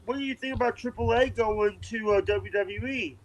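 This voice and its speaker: A man's voice: sits high, moderate pace, poor audio. A man joining a podcast chat as a guest, teasing another guest with stammering trash talk.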